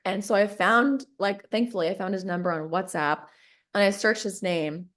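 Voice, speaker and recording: Woman, casual storytelling, acts out both sides of conversations, laughs a lot, mid-pitched voice. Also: moderate pace. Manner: animated, reenacts conversations, laughs often.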